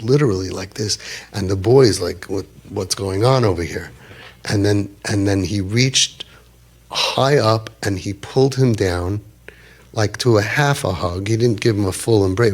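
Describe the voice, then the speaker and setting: Lowish-voiced man in his fifties telling a story. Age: 50s. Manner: animated, sprinkles Yiddish and Hebrew words. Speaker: storyteller speaker. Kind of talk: personal storytelling talk.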